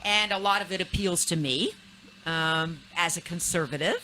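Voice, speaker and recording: A woman's voice: fairly low pitch, normal speed, sharp tone, rough recording. A woman from Texas hosting a casual radio interview, chatty and teasing, with many fillers and restarts. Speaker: radio talk show host. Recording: AM radio broadcast with faint noise.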